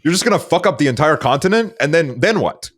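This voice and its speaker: A man's voice: a little high, expressive, fast. A young man from Estonia, a podcast host chatting casually, rambling with lots of filler words and swearing. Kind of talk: casual chat.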